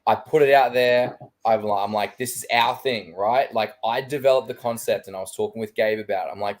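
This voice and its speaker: Aussie male podcast co-host, mid pitch, animated, sweary storyteller. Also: a little fast, few pauses. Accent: Australian. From Australia. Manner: animated storyteller who acts out his own reactions, swears freely. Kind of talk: casual chat.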